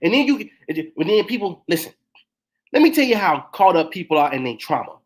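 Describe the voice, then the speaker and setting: A fiery woman preacher whose pitch swings widely from line to line. She hammers her points home and keeps firing rhetorical questions at the crowd. Her talk has the loose, fervent push of a live teaching session. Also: sing-song, brisk. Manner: emphatic, full of rhetorical questions and call-outs. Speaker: minister. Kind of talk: impassioned spiritual teaching talk.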